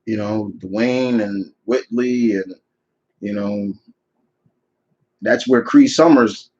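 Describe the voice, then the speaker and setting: A man answers viewer questions on a live stream, chatty and opinionated. He circles back and restarts his sentences as he talks things through. His mid-pitched voice comes through slightly muffled, lo-fi audio. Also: expressive, slow, creaky, darkish tone. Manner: opinionated, rambling with frequent restarts. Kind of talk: live Q&A chat.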